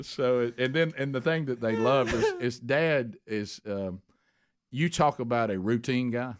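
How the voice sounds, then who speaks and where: A middle-aged man, a radio talk show host telling a long story and acting out the people he quotes with sudden high shouts. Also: moderate pace, crowd noise. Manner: rambling storyteller who acts out quotes with big high shouts.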